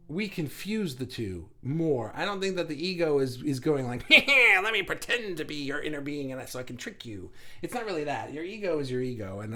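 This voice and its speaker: A man hosting a casual spiritual livestream, answering viewers' chat in a reflective, thinking-aloud way. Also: fairly high pitch. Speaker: host answering live chat.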